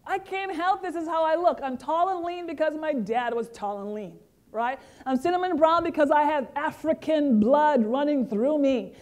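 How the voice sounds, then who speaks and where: A middle-aged woman from the Caribbean giving a motivational keynote speech, lively and interactive, talking straight to the audience. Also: sits high, moderate pace. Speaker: keynote speaker.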